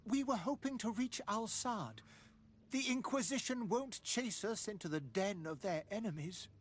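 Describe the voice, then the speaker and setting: A woman's voice: medium pitch, lively intonation, moderate pace, a little hiss or hum, lightly acted. A woman voicing a persecuted female scholar in video game dialogue, grave and resigned.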